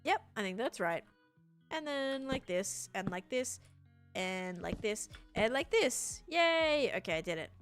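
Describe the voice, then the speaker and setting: A woman's voice: on the high side, big pitch swings, a little slow, faint music behind. A young woman with an Australian accent chatting casually on a live stream, reading and answering chat while building in a game.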